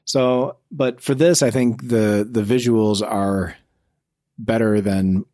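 A man co-hosting a casual podcast about movies, talking in a relaxed, matter-of-fact way. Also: fairly low pitch, takes it slowly, no echo, clean studio sound. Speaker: podcast co-host.

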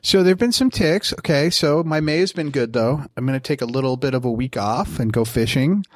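A man's voice: medium pitch, brisk, dry recording, studio quality. Laid-back Midwestern man, podcast co-host. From American Midwest. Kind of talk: casual podcast chat.

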